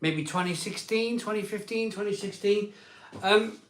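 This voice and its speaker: Rambling chattily as he hosts a casual live stream, this man sighs in frustration now and then. He speaks at normal speed in a voice that sits high, and the sound is reverberant.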